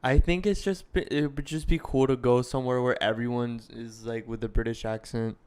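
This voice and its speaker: A man's voice: mid-range voice, fairly even intonation, a little fast, darkish tone, clear, resonant tone. A young man co-hosting a podcast, chatting casually in a rambling, hesitant way with lots of fillers. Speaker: podcast co-host. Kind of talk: casual chat.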